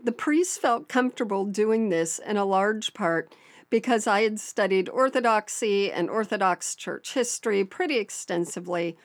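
A woman's voice: mid-range voice, normal speed, no echo. A woman co-hosting a podcast, telling a listener's story in a chatty, storytelling way with frequent laughs. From American South. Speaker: podcast co-host. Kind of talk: casual podcast chat, reading a listener story.

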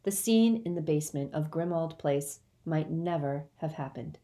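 A woman narrating a storybook aloud in a measured, expressive way. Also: low voice. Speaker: audiobook reader.

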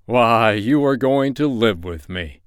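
A man voicing a jolly, brisk old Santa Claus in a storybook reading, talking loudly and heartily. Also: medium pitch, expressive, clean tone, dry recording, clean studio sound. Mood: hearty. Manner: loud, hearty proclaiming.

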